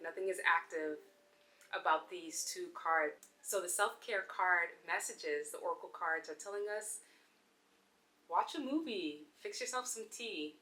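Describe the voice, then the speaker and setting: A young adult woman hosting a yoga channel, chatting gently and casually to camera as she pulls oracle cards, sometimes getting excited. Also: on the low side, poor audio. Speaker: yoga teacher and channel host.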